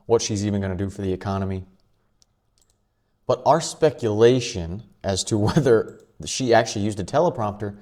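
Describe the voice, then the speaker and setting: A man hosting his own commentary vlog, talking quickly and offhandedly with chuckling asides. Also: lowish voice, darkish tone. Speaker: channel host.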